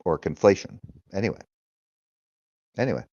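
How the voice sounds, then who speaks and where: A man's voice: deep voice, expressive, moderate pace, dark tone, slightly rough, dry recording, lo-fi sound. A man hosting a casual livestream, talking loosely, swearing freely and laughing often. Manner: retells arguments in quoted voices. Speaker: livestream host.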